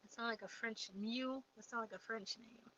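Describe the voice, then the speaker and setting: Woman livestream host, fairly high and bright, chatty, answers viewer comments; dull lo-fi stream audio. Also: fairly even intonation, normal speed, a little hiss or hum. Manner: chatty, reads viewer comments aloud and replies. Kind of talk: casual live chat.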